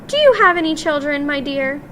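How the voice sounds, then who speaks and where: A woman's voice: sits high, sing-song, fairly quick, a little hiss or hum, voice pushed up, heavily acted. Woman playing a doting old grandmother. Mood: sweet. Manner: warm, doting and tender. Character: loving, worried old grandmother.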